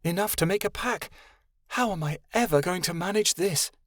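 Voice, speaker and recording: A man voicing a young female dragon who is gentle, tearful and defiant, in an emotional, pleading manner. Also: sits high, normal speed, no echo, clean studio sound, voice pushed up, lightly acted. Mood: despairing.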